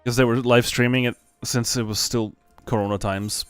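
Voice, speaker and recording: A man's voice: mid-range voice, fairly even intonation, normal speed, clear, resonant tone, soft background music. A young man chatting casually on a game stream, swearing freely and laughing often. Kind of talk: casual live stream chat.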